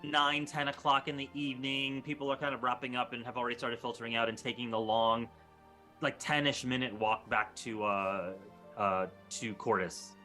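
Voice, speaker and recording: A man runs a tabletop game as game master, narrating casually with lots of fillers. His mid-range voice is bright and forceful yet flat in delivery, at a moderate pace, with faint music in the background.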